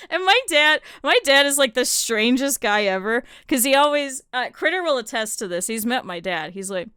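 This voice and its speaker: A high-pitched young woman chats through a reaction stream in a bright voice. She rambles from story to story and keeps dissolving into giggles. The sound is close and dry. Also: lively intonation, brisk, few pauses, dry recording. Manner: giggly and rambling, often breaks into laughter. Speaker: VTuber streamer. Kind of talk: casual reaction stream chat.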